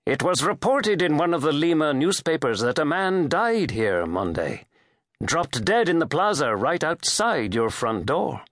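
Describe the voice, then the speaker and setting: A man's voice: a little high, very animated, measured pace, fairly bright tone, no room sound, clean studio sound, pitched above the performer's own voice, exaggerated voice. Man voicing a terse, probing journalist. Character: blunt male journalist, the first-person hero. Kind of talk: audiobook character voice.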